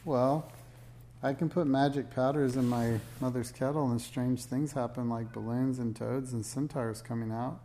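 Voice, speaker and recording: A man's voice: mid-range voice, fairly even intonation, moderate pace, mellow, a little hiss or hum, natural voice. A man voicing a shy, lonely young witch girl in a storybook reading. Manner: shy, unhappy, sometimes proud.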